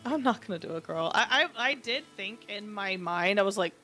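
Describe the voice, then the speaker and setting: Chatty woman streamer over soft music. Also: mid-range voice, animated, moderate pace. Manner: rambling, self-deprecating, chatty with viewers. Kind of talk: casual livestream chat while playing.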